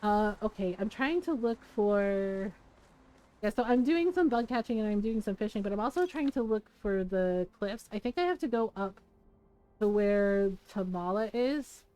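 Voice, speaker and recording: A woman game streamer chatting casually while she plays, animated, laughing often and swearing freely. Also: mid-range voice, moderate pace. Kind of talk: casual chat while playing a life-sim game.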